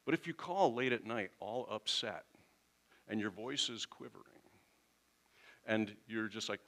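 A man's voice: fairly low pitch, lively intonation, a little slow, gravelly, pauses often, a bit bright. A man preaching a sermon as pastor, talking in a conversational way and briefly acting out little quoted exchanges with the congregation.

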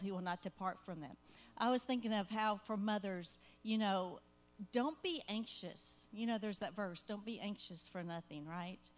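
At a church Q&A, an older woman who is a grandmother offers heartfelt parenting advice. Her medium-pitched voice sounds earnest, and she rambles with asides.

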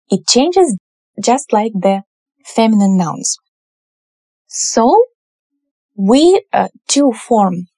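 Woman teacher going real slow thru word forms, dry close sound. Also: mid-range voice, a little mellow, husky, no room sound. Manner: patient, spells out each form slowly. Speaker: Russian language teacher. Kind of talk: slow explanatory language lesson.

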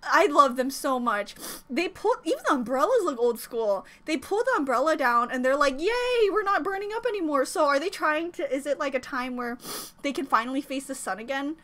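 High, lively young woman gushing excitedly. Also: brisk. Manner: gushing, exclamatory, thinks aloud with many "like"s. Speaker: music video reactor. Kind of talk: excited fan reaction commentary. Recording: faint music behind the voice.

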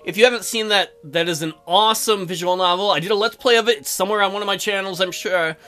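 A man hosting a let's play, reading a visual novel aloud with joking asides in an animated way. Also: high voice, fast talker, faint music behind. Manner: animated, joking, breaks into silly voices.

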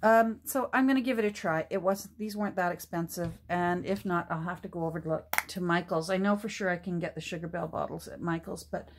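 Woman, middle-aged, lower voice, rambling craft chat, frequent ums, home table mic. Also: fairly even intonation, a little fast, hardly any pauses, noisy background. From Canada. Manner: chatty, rambling, with many restarts and ums. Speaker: crafting vlogger. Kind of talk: casual chat while crafting. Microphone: camera mic at a work table.

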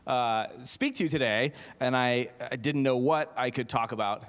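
A middle-aged theater professor gives a humorous, self-deprecating keynote in a large auditorium, with many fillers and restarts. His medium-pitched, fairly bright voice moves at a moderate pace, and the recording carries echoey hall reverb.

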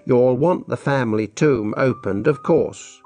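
A man's voice: mid-range voice, measured pace, dark tone, soft background music, close to an everyday voice. A man doing a hesitant, polite church clerk. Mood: puzzled. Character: male church clerk, surprised and deferential.

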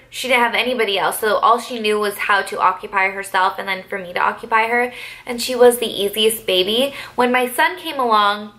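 A young mother answers viewer questions in a casual vlog, talking in a relaxed, chatty way full of little fillers. Her voice is bright and a touch high. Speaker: vlogger and mother of three.

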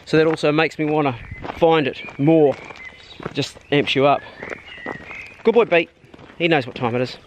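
A man's voice: on the high side, steady tone, a little fast, slight background noise. A man filming himself on a farm, giving casual hunting commentary, swearing freely and talking to his dog. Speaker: hunting vlogger. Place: outdoors on a farm.

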